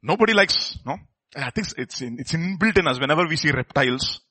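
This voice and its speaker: Animated preacher with a husky, bright voice. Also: male voice, fairly high pitch, fairly quick, dry recording. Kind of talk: sermon.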